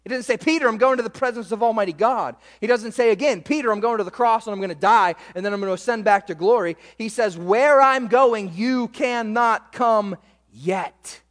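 A man preaching a sermon as pastor, swinging between loud emphasis and quiet, low asides. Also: fast talker, few pauses, long reverb tail.

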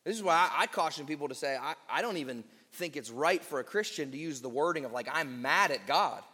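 A man preaching a sermon to his church, emphatic and deliberate, slowing on key words with quick asides. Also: fairly high pitch, animated, pushed and bright, breathy edge, big-room sound. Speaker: pastor.

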